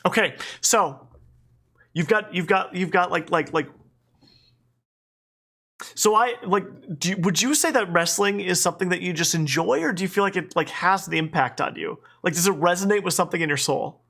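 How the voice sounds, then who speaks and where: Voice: medium pitch, moderate pace, fairly bright tone. A stream host with a Minnesotan accent chatting casually, rambling with lots of fillers and restarts. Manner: rambling, many fillers and restarts, laughs often. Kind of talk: casual livestream chat.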